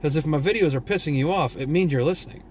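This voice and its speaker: A man's voice: fairly high pitch, fast, darkish tone, slight background noise. A tired man from Texas with a Southern drawl, vlogging a blunt, profane, rambling rant. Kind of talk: casual opinion rant.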